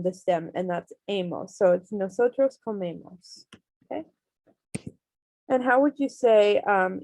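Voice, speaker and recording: A woman teaches an online class over a computer mic, walking students through each step with patience and frequent ums. Her voice has a slightly gravelly edge, and the sound is dry and close. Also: medium pitch, dark tone, no echo. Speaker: Spanish teacher.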